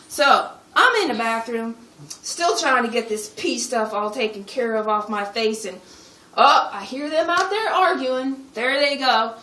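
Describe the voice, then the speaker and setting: A woman's voice: a little high, animated, a little slow, pushed and bright. A woman performing a sassy churchgoing young woman in a live comedy skit, telling her story with exaggerated street slang. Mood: indignant. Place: retreat meeting room. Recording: echoey room, mic from a distance.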